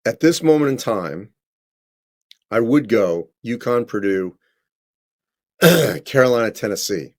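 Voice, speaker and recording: A man's voice: medium pitch, lively intonation, takes it slowly, long pauses, darkish tone. Chatty man answering viewer questions. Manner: conversational, self-correcting, many ums. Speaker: college basketball correspondent. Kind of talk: live-stream Q&A answering chat questions.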